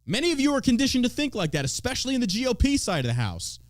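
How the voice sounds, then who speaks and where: A man's voice: very high-pitched, wildly swooping pitch, rapid-fire, no room sound. A man from Texas hosting a podcast, ranting about politics in a mocking, profane way and swearing freely. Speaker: podcast host.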